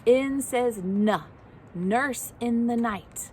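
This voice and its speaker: A woman teacher leading a children's phonics lesson outdoors, sounding out each letter slowly and clearly with encouraging praise. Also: a little high, lively intonation, fairly bright tone, a little hiss or hum. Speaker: preschool teacher. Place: outdoors at home.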